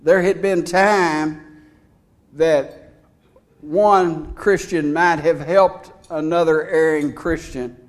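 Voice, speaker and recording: A man's voice: fairly high pitch, steady tone, slow. A man preaching a folksy, emphatic sermon, reading scripture aloud between his points.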